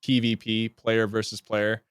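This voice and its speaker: A man's voice: lowish voice, monotone, a little slow, smooth, no echo, clean studio sound. A man, a gaming content creator, explaining things in a chatty way and often repeating words as he talks. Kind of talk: casual podcast interview.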